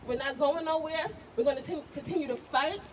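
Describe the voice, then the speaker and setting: Impassioned high-voiced woman at a street protest. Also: a little fast. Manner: impassioned and insistent, repeats phrases. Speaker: protest speaker, sister of the deceased. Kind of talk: emotional protest rally speech. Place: outdoors on a city street. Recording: distant mic on a noisy street.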